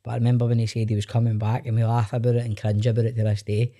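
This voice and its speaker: Glaswegian man telling lively anecdotes. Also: medium pitch, racing. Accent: Glaswegian Scottish. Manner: animated storytelling, laughs often, swears freely. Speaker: podcast guest. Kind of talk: casual chat.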